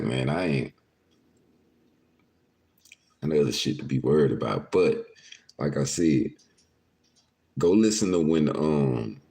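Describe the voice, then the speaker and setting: A man's voice: rumbling low, darkish tone. A man hosting a casual livestream podcast from home, talking loosely and profanely with his viewers and laughing often. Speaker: podcast host talking to live chat. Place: indoors, at home.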